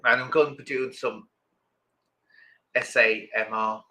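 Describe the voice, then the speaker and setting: A man's voice: mid-range voice, fairly even intonation, unhurried, bright, forceful tone, rough recording. A middle-aged man, chatting casually with viewers on a livestream and rambling from one thought to the next. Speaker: livestream host.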